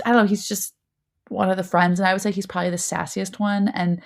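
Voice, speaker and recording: Gravelly-voiced woman chatting casually. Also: fairly low pitch, darkish tone. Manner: chatty, lots of "like" fillers. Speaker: podcast co-host. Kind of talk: casual review chat.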